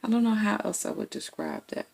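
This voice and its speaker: Gravelly-voiced woman reading tarot. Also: medium pitch, huge pitch swings, brisk, darkish tone. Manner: chatty, blunt, keeps checking in with "okay?". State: has the hiccups. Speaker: tarot reader. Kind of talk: casual tarot reading to camera.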